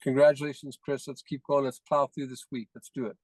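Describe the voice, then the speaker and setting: A man's voice: medium pitch, little pitch movement, a little fast, a little mellow, no echo, rough recording. A man leading a team call, praising members one by one in effusive, repetitive phrases. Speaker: team leader presenting recognitions.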